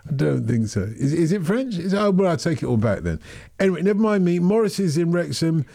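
A man's voice: fairly high pitch, sing-song, brisk, vocal fry, mellow, dry recording, clean studio sound. A man hosting a radio phone-in, chatting and teasing, often correcting himself. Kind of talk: casual on-air chat.

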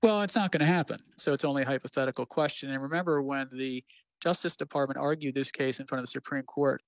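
A man in a news interview who talks quickly, his voice carrying a gravelly edge. The sound is dry and close, with no room around it. He lays out legal points in a measured, steady way. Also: medium pitch, no echo, low-quality recording. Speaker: legal analyst guest.

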